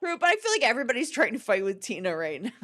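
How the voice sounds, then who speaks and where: A woman's voice: a little high, fast. Blunt, swearing woman livestream co-host. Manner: blunt, swears freely, animated storyteller. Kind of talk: casual chat.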